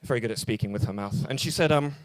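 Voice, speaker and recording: Deadpan young Englishman doing stand-up. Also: medium pitch, quick pace, dry recording. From England. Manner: deadpan, hesitant delivery with many fillers. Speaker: stand-up comedian. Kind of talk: stand-up comedy set. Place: small bar open mic.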